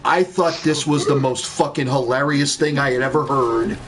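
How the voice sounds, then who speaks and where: A man's voice: mid-range voice, normal speed, a bit bright, a little hiss or hum. A man casually telling a rambling story while gaming, laid-back and swearing freely. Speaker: gaming streamer.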